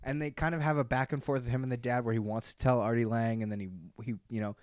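Man, podcast co-host, casual chat, animated, dry sound. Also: mid-range voice, fast talker, clear, resonant tone, no room sound. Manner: animated, lots of fillers and laughs.

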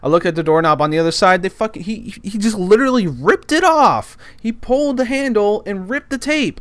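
A man's voice: high voice, lively intonation, a little fast, hardly any pauses, dry recording. A man telling a work story in a casual monologue, rambling, repeating words and cursing now and then.

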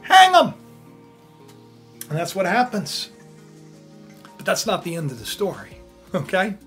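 A woman preaching, telling a Bible story in a lively, conversational way and acting out the characters. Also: lowish voice, moderate pace, soft background music. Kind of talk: animated sermon storytelling.

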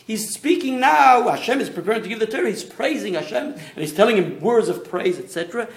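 A rabbi leads a small Torah class in an echoey room. His voice sits high for a man and swings widely in pitch as he explains. He often restarts and tosses in asides. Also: brisk, gravelly. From Australia. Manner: animated, stop-start explaining with many restarts and asides.

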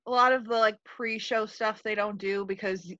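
A woman in casual podcast chat who talks quickly through "like" fillers and laughs often. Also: medium pitch, steady tone, bright, forceful tone, no room sound, muffled recording.

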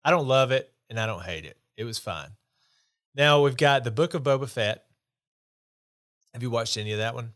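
Podcast host, man, middle-pitched, rambling and blunt in his takes. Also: expressive, normal speed, pauses often, a bit bright. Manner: opinionated, rambling, dismissive. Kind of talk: casual chat.

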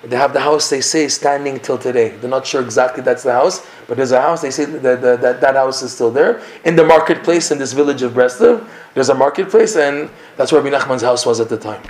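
A man teaching a Torah class, telling a story with lively acted-out dialogue. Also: medium pitch, a little fast. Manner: animated storyteller acting out the characters' lines. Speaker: religious teacher.

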